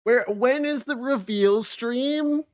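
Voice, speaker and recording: A man's voice: extremely high pitch, slow pace, pitched above the performer's own voice. A man putting on the voice of an impatient, whiny male viewer who keeps nagging with mock politeness.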